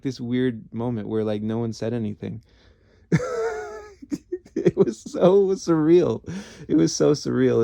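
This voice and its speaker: With vocal fry and a warm tone at medium pitch, recorded without any room sound, a former cop in his thirties tells wandering stories in casual conversation. He swears, puts himself down, and frequently starts sentences over.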